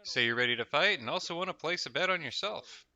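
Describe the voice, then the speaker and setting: A man's voice: a little high, lively intonation, quick pace, pushed and bright, dull audio, pitched above the performer's own voice, full character voice. A man reading as a coaxing pit bookie. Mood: eager. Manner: coaxing questions, read from game text. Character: wheedling fussy male pit bookie.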